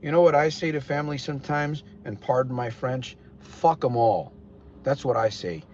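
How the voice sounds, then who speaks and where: A man's voice: mid-range voice, brisk, a little mellow. Blunt rambling man on a lo-fi stream. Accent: Connecticut. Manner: rambling, blunt, restarts often. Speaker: podcast host. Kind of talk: casual live-stream talk. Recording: dull lo-fi sound with faint noise.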